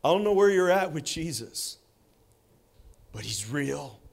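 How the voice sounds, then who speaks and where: A man preaching in a church, telling a personal story slowly with dramatic pauses. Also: on the high side, big pitch swings, gravelly. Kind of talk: sermon with personal testimony. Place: church sanctuary.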